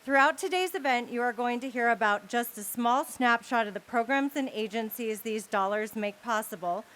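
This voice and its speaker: A woman with a fairly high voice reads prepared remarks at a podium microphone. She keeps her delivery steady and formal and asks the audience for support at a charity event. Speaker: leader of a women's philanthropy council.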